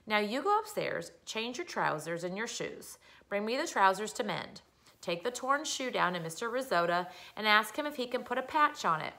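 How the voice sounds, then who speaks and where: A woman voicing a brisk, dry storybook mother. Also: mid-range voice, big pitch swings, sharp tone. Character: fussing, brisk, knowing mother.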